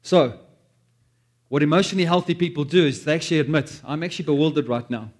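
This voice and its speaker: A man preaching a sermon, animated, acting out quoted prayers and joking at his own expense. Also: fairly high pitch, fast talker. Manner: animated, acts out quoted prayers, self-deprecating asides. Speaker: pastor.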